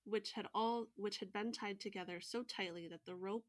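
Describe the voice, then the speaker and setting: Woman host narrating a folktale, steady read with wry asides. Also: mid-range voice, moderate pace. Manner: even storytelling read, joking asides. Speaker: podcast co-host and storyteller. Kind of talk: reading a folktale aloud with asides.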